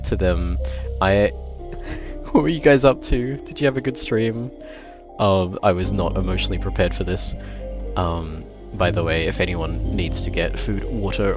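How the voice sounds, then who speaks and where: Playful low-voiced male streamer. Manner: playful and chatty, excitable greetings to chat. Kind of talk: casual livestream chat while gaming.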